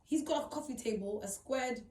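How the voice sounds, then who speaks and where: A woman's voice: high voice, fairly quick, dark tone. A young woman, telling a personal story in a casual, emphatic way, swearing freely and repeating herself for effect. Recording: echoey room, distant mic.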